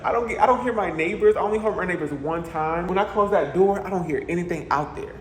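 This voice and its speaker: Man, casual vlog rant, slightly high voice, roomy apartment echo, faint background hum. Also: fast. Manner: chatty, animated, with playful asides. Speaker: vlogger. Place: echoey apartment. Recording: echoey room with faint ambience.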